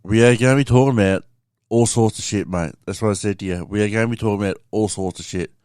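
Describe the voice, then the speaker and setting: A man with a very low voice hosts his podcast in a loose, rambling monologue, swearing freely and calling his listeners mate. The sound is dry and close, with no room in it. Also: fast, darkish tone, clear, resonant tone, no echo. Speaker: podcast host. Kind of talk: casual storytelling monologue.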